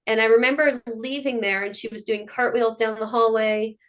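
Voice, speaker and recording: Animated woman telling stories, slightly high. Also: normal speed. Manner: animated storyteller who acts out quotes. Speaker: guest, mother of child performers. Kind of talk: casual storytelling in an interview.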